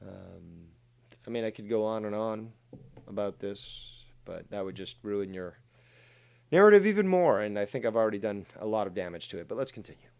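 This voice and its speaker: A man's voice: on the low side, animated, moderate pace, vocal fry, a little mellow, clean tone. A man hosting a casual livestream, talking bluntly with a lot of swearing and reading chat comments aloud. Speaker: host.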